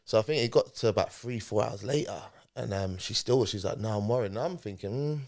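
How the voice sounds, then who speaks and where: Low-voiced man telling his story. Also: fairly quick, creaky. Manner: animated retelling, acting out quoted speech. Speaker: podcast guest. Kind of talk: personal storytelling in conversation.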